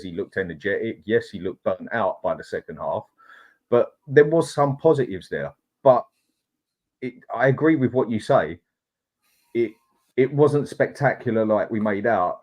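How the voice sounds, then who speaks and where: Guy hosting a football chat, lower voice, measured and reasoning. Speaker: football podcast host. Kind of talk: casual chat.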